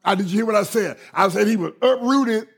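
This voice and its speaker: High, gravelly, husky preacher man. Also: fairly quick. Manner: emphatic and repetitive, often checking listeners are following. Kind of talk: sermon.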